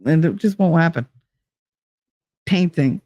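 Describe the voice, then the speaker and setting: A woman's voice: sits low, animated, a little slow, dry recording, lo-fi sound. A woman with a New Jersey accent hosting a livestream, chatting casually with viewers in a blunt, profane, rambling way. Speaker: livestream host. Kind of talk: casual chat with live viewers.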